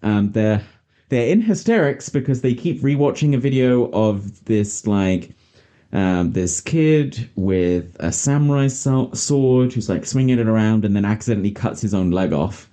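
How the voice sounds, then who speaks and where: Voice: mid-range voice, animated, unhurried, mellow. A podcast host in casual chat, chatty and sarcastic, often laughing.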